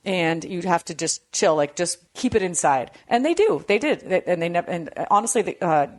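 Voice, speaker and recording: A woman co-hosting a sports podcast in casual chat, telling animated stories and acting out quoted exchanges. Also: lowish voice, normal speed. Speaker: podcast co-host.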